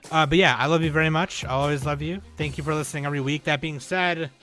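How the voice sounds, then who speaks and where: A man's voice: a little high, fairly even intonation, fast talker, a bit bright, faint music behind. A man hosting a podcast in casual chat, joking and laid-back. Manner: joking, laid-back, says dude a lot. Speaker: podcast host.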